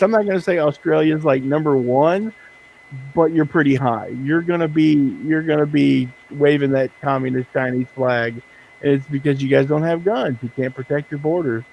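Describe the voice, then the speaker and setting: A man's voice: a little high, normal speed, creaky, a little mellow, dull audio. Rambling, chuckling man chatting casually. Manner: rambling, laughs often, many restarts. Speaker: streamer host. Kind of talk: casual chat while working. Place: indoors at a work desk.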